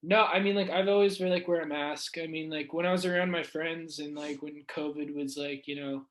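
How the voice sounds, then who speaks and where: A man's voice: a little high, steady tone, a little fast, low-quality recording. A young man from the United States, chatting as a podcast guest, full of fillers like "like" and swearing casually.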